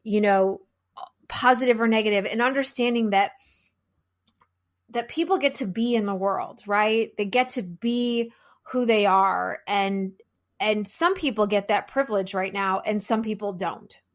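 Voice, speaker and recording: A woman who is a guest on a podcast, speaking frankly and deliberately and swearing freely. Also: mid-range voice. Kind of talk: casual podcast conversation.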